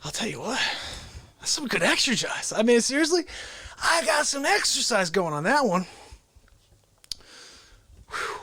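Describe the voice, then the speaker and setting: A man's voice: very high voice, sing-song, unhurried, long pauses, sharp tone, husky, no echo, studio quality. A man hosting a live variety show, chatting casually and joking at his own expense while out of breath. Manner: playful, self-mocking, upbeat. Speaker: host.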